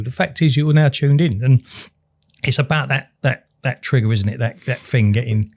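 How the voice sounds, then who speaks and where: Man, podcast host, mid pitch, rambling explanations. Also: steady tone, moderate pace, darkish tone. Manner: rambling, restarts, explains with examples. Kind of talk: casual chat.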